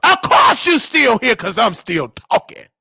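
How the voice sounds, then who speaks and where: A man hosting his own live show, shouting and preaching at his listeners and scolding them for not donating. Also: extremely high pitch, big pitch swings, measured pace, gravelly, breathy edge, no room sound. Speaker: show host. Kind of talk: loud live-stream commentary.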